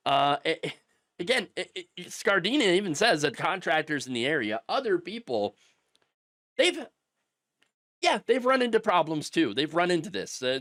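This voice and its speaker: A man's voice: on the high side, a bit bright, no room sound, studio quality. A man hosting political commentary, talking in a sarcastic, heated and emphatic way. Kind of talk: opinion commentary.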